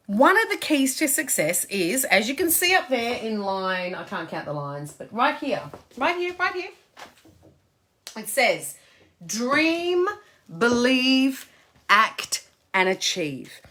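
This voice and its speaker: Woman life coach on a live stream, bright lively pitch, emphatic, casual. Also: slow pace, pauses often. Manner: emphatic and chatty, repeats phrases for stress. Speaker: success coach. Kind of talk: motivational Facebook Live talk.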